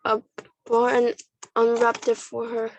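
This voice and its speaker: A woman reading a children's storybook aloud, slowly and carefully, often restarting a word. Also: on the high side, completely flat delivery, slight background noise, rough recording. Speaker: storybook reader.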